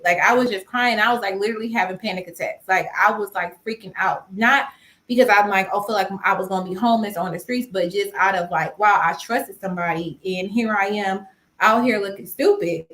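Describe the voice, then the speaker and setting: A young woman tells her story to a live audience in a loose, conversational way, voicing the other people in it as she goes. Her voice sits at an average pitch. The room gives a noticeable echo. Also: fairly quick. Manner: animated storytelling, acting out quoted dialogue. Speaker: host of a personal finance live stream. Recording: roomy echo.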